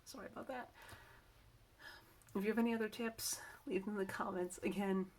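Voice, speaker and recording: A woman's voice: medium pitch, fairly even intonation, brisk, a little mellow. A middle-aged woman chatting casually to camera in a vlog, rambling and self-correcting as she shares work-from-home tips. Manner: rambling, chatty, with many restarts and asides.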